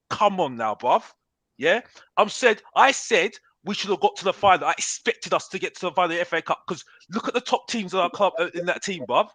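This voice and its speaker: A man's voice: high voice, fairly bright tone, no echo. A man ranting in a heated football debate, repeating "bruv" and talking over the others. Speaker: panelist on a football talk show.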